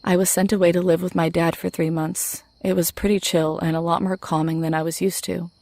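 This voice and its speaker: A woman tells a horror tale with a gravelly, low and flat voice, moving a little fast. She keeps an even, scripted delivery, captured in a close, dry recording without any room sound.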